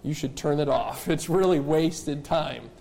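Male pastor, high voice, emphatic sermon, lots of rhetorical questions. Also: a little slow, gravelly, darkish tone. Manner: addresses kids and adults directly.

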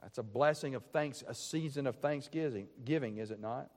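A man's voice: medium pitch, a little fast, a little mellow. A man preaching a sermon as pastor, earnest and emphatic, repeating his key phrases. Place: church sanctuary. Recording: long church reverb.

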